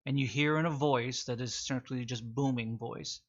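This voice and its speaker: A man with a slightly rusty voice from sinus trouble, game master slowly building suspense in a tabletop game. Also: mid-range voice, steady tone, dull audio. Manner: slow, suspenseful descriptions with fillers and restarts.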